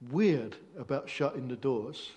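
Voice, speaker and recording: A man's voice: medium pitch, expressive, a little slow, darkish tone. A man leading a church meeting, responding to testimonies in an affirming, reflective way. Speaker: pastor. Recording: crowd faintly heard.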